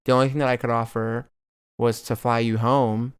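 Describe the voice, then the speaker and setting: A young man co-hosting a podcast, talking in a supportive, halting way with many fillers. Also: mid-range voice, little pitch movement, smooth, no echo, clean studio sound. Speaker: podcast co-host. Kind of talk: casual podcast chat.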